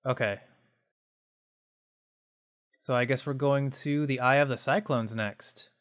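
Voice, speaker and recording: A man's voice: medium pitch, fairly even intonation, takes it slowly. Man thinking aloud over a game. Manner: thinks aloud, reads game menus, self-mocking asides. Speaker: let's play host. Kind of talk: casual gameplay commentary.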